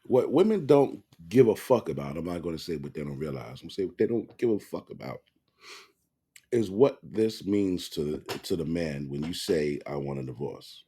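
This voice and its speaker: A man's voice: deep voice, big pitch swings, moderate pace, dark tone, husky. A man giving blunt, profane commentary to camera, rambling with restarts.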